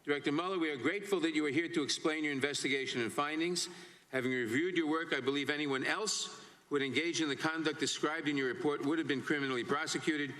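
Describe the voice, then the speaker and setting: A man chairing a hearing, asking measured, formal questions and reading out quotations. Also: a little high, sharp tone. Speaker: committee chairman. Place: hearing room.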